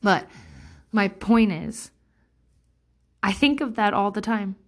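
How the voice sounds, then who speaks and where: A woman's voice: medium pitch, expressive, takes it slowly, pauses often. A woman in her thirties in a candid, rambling personal monologue, blunt and emotionally intense, swearing freely. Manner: rambling with many fillers and restarts. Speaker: vlogger.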